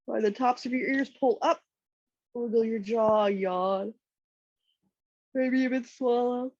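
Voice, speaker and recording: A woman with a stuffy, congested voice, calmly giving slow step-by-step yoga and massage cues on a nearby mic. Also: a little high, no room sound, highs cut off. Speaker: yoga instructor. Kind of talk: guided yoga instruction. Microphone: external mic nearby.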